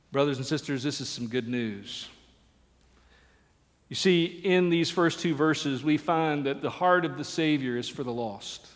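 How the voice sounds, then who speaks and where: A man's voice: a little high, animated, normal speed, fairly bright tone. A man preaching a sermon as pastor, earnest and building to fervent emphasis, recorded in a reverberant church. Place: church sanctuary.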